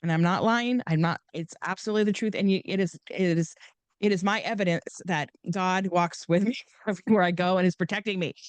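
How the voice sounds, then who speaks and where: A woman's voice: fairly low pitch, fairly quick, no echo. A woman guest telling stories in a chatty, rambling way, laughing often and restarting her sentences. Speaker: podcast guest and author. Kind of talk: casual storytelling interview.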